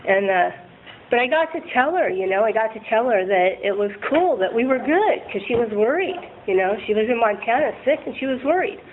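A woman candidly sharing a rambling, self-deprecating personal recovery story, laughing often. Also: medium pitch. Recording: tinny phone-like line with faint noise.

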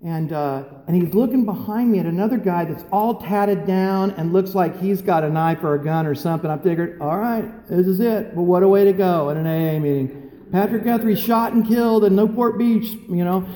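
A man's voice: high-pitched, a little fast, warm tone. A middle-aged man speaking at a recovery meeting, sharing his personal story in a conversational, self-mocking way with many fillers. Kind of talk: personal testimony to a live audience. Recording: echoey hall with long reverb.

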